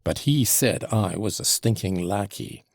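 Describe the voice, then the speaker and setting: A bitter, conceited young manservant holds forth with sneering self-importance, as a man reads him in an audiobook. The voice sits low and gravelly, with a husky edge. It is recorded dry and close, with no room sound. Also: animated, measured pace, no room sound, exaggerated voice. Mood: contemptuous. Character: scornful young male servant, conceited and bitter. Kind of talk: audiobook character reading.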